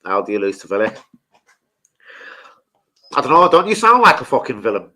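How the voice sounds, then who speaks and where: A middle-aged man, hosting a casual football fan livestream and bantering with viewers in a sweary, animated way. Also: medium pitch, moderate pace, rough recording. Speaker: football fan channel host.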